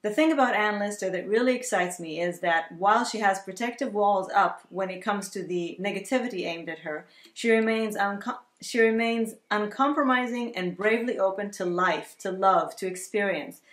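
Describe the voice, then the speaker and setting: Chatty woman co-host reading fan comments, medium pitch, roomy echo. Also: moderate pace, few pauses. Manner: enthusiastic, chatty. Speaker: vlog co-host. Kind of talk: casual chat, reading viewer comments aloud. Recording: echoey room.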